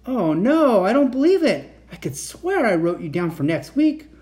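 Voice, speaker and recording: A man's voice: big pitch swings, normal speed, darkish tone. A man reading a children's book aloud, voicing a flustered, absent-minded uncle inventor in a raised, fussy, apologetic voice. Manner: fussy, apologetic, higher than the reader's own voice.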